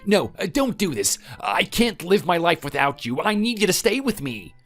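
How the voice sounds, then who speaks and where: A man's voice: sits high, sing-song, moderate pace, soft background music. A man voicing a defensive husband who insists he did enough for his wife and begs her not to leave. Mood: pleading. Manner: defensive, then pleading. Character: defensive husband pleading to save his marriage. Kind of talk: text-message story dramatization.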